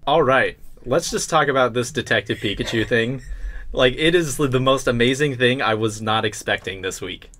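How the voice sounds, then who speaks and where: A man's voice: medium pitch, moderate pace, a bit bright, a little hiss or hum. A young man co-hosting a podcast, chatting with enthusiasm about video games and filling his talk with "like". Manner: enthusiastic, chatty, many "like" fillers. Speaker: podcast co-host.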